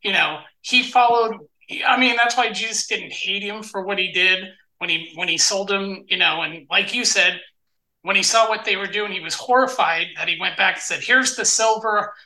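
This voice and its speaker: A man's voice: sits high, normal speed, bright, forceful tone, recorded from a distance. A man chatting in a casual group Bible discussion, telling stories in a rambling, restarting way. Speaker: participant in a Bible study discussion. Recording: roomy echo.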